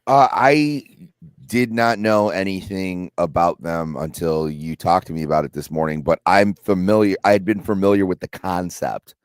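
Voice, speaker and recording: Deep-voiced deadpan male co-host. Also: normal speed, clean tone, dry recording. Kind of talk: casual chat.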